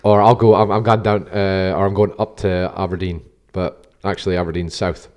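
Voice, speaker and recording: A man's voice: deep voice, level tone, moderate pace, a little mellow. A man, a podcast co-host joking around in casual chat, often stumbling over his words. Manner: joking, hesitant with restarts.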